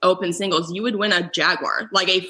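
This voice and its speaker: A woman's voice: fairly low pitch, fairly even intonation, fairly quick, bright, forceful tone, slight background noise. A young adult woman, a comedian and guest, chatting casually on a podcast and filling her sentences with "like". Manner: chatty, lots of "like" fillers. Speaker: comedian and foosball player guest.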